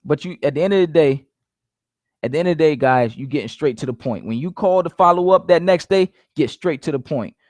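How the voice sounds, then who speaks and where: A man's voice: a little high, a little fast, darkish tone, no room sound. A man giving casual sales coaching, repeating his points emphatically and calling his listeners "guys". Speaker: network marketing coach.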